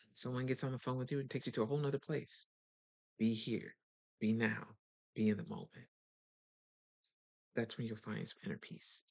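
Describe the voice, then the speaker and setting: This medium-pitched host delivers a relaxed pep talk, talking straight to the audience in a chatty way. Acting out other people makes the delivery animated.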